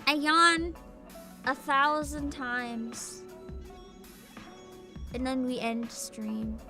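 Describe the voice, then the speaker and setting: A woman's voice: sits high, flat delivery, very slow, gravelly, bright, forceful tone, faint music behind. A young woman hosting a casual VTuber livestream, sleepy and giggly, reading chat aloud. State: sleepy and tired.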